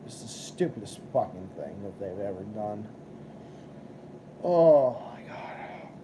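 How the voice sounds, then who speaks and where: A man's voice: fairly low pitch, animated, slow, mellow, slight background noise. A young man hosting a live stream, ranting and swearing as he chats with viewers. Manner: profane, ranting, combative. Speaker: livestream host. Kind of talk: casual live-stream chat.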